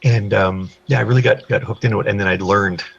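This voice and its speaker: A low, gravelly man with a husky edge to his voice, talking in a relaxed group chat. He gets animated when he explains his points. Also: fast talker, lo-fi sound. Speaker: podcast co-host.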